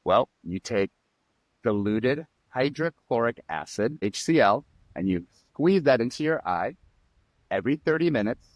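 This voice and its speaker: A man telling personal stories as a podcast guest, animated and acting out quotes. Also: medium pitch, unhurried, no echo. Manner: animated storyteller, acts out quotes and sound effects. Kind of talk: storytelling in a podcast interview.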